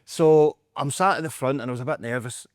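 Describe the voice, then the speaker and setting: A Scottish man, a podcast co-host, telling a story in casual chat, animated and acting out quotes with frequent laughs. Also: mid-range voice, fairly quick, dry recording, studio quality. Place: podcast studio.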